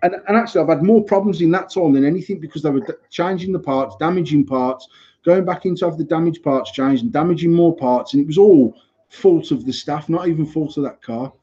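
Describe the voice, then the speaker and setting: Sweary British man ranting, husky voice. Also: on the high side, fairly quick. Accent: British English. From United Kingdom. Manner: heated, sweary, animated storytelling. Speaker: podcast host. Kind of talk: casual chat, ranting anecdote. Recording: slightly muffled lo-fi recording.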